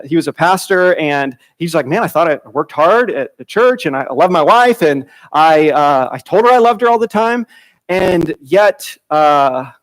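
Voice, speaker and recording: A man teaching a church Bible class in a conversational way, often repeating and restarting phrases and acting out quoted dialogue. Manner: acts out quoted dialogue with sudden pitch jumps.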